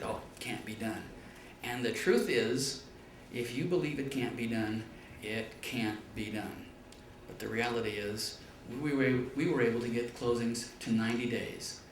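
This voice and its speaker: A man teaching a business class, telling stories and acting out dialogue in a high voice for the punchlines. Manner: storytelling, acts out dialogue in a high voice. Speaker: business lecturer. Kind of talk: classroom business talk with anecdotes. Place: classroom or lecture hall. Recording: echoey room, far from the mic, faint noise.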